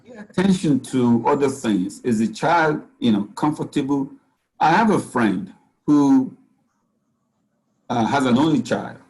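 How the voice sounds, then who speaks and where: A man's voice: mid-range voice, lively intonation, measured pace, a little mellow, rough recording. A man, a physician speaking as guest at a parenting talk, giving earnest advice and often saying "you know.". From Nigeria.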